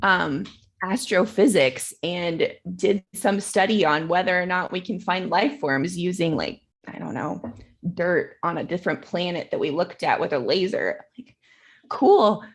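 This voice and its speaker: A young woman guest on a podcast, chatting in a quick, self-deprecating way. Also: fairly low pitch. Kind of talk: casual podcast chat.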